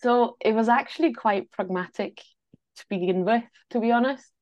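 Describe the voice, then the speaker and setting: A woman's voice: fairly high pitch, moderate pace, a little mellow, highs cut off. A woman from Austria whose accent blends a Glasgow Scottish lilt with her own, chatting easily as a guest and laughing now and then. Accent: Austrian with a Glasgow Scottish overlay. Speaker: guest, travel writer. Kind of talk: casual interview chat.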